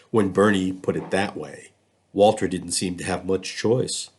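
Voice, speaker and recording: A man reading a children's storybook aloud, expressive and lively in his storytelling. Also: low voice, measured pace, breathy edge. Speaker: school district reader.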